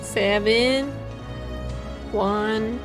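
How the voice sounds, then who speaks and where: Woman game streamer, higher voice, unhurried, chatty running commentary with free swearing, game music underneath. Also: fairly even intonation. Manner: chatty, thinks aloud, swears freely. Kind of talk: live gameplay commentary.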